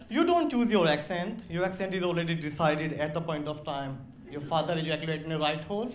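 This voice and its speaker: A man from India with an Indian accent, doing a slow, deadpan stand-up comedy set on a club stage. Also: on the high side, a crowd in the background. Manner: slow, deadpan delivery with crude punchlines. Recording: roomy live club sound with audience.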